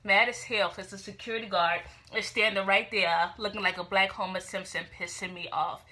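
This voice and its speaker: Young woman vlogger, casual storyteller, bright, expressive, punchy delivery. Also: mid-range voice, moderate pace. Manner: animated, expressive, emphatic retorts.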